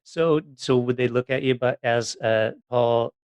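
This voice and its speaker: A man's voice: mid-range voice, fairly even intonation, a little slow, darkish tone, clean tone, no echo. A man hosting an interview, giving brief affirmations and asking short direct questions. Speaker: podcast host.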